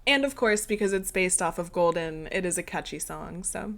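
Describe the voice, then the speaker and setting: A woman's voice: fairly low pitch, normal speed. A young woman co-hosting a film review podcast, chatting casually, laughing often and dry with sarcasm. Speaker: podcast co-host.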